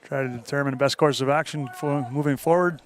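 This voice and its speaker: An easygoing man calls play-by-play for a local football broadcast. His delivery is folksy and steady. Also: mid-range voice, fast talker. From Northern Ontario. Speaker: play-by-play commentator. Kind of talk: live football commentary.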